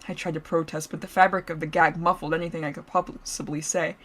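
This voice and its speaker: A woman's voice: sits low, little pitch movement, fast talker. A woman streamer reading a story aloud, laughing and breaking off to joke with her viewers. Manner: playful, giggly, breaks off to joke with chat. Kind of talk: story reading with live reactions.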